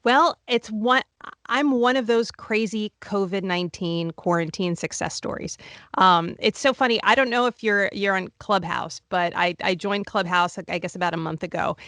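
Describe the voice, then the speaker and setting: A woman's voice: medium pitch, normal speed, fairly bright tone, no echo. A woman guest in a conversational interview, speaking articulately with frequent restarts and repeated words. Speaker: guest, wheelchair travel blogger.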